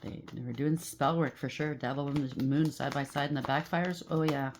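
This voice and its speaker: A woman's voice: sits low, fairly even intonation, normal speed, darkish tone, slight background noise. A woman doing a casual tarot reading, blunt and emphatic, with a lot of repetition as she calls out the cards. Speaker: tarot reader.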